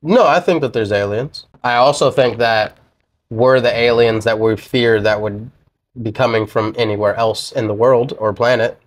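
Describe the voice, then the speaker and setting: A young man in casual podcast banter who argues in a blunt, sarcastic way and swears freely. His voice sits in a middle pitch range, and it climbs high when he mocks an idea. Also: moderate pace. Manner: blunt, profane, sarcastic arguing. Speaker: podcast co-host. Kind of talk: casual chat.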